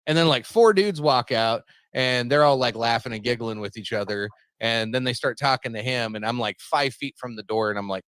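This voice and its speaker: A man's voice: medium pitch, fairly quick, hardly any pauses, fairly bright tone, smooth, no room sound. Profane rambling storyteller man. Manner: rambling, profane, laughs at his own stories. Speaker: podcast host. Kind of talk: casual storytelling.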